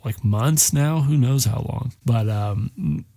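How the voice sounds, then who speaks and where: A man's voice: medium pitch, takes it slowly, vocal fry, dark tone, no room sound, clean studio sound. A man hosting a podcast, retelling a movie in a casual, rambling way that is full of swearing. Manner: rambling and heavily profane, acting out characters' lines. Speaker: podcast host.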